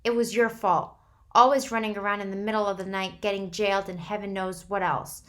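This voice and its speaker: A woman's voice: medium pitch, fairly even intonation, a little fast, fairly bright tone, lightly acted. A woman voicing a bitter middle-aged mother who talks in an indignant, accusing, self-pitying way.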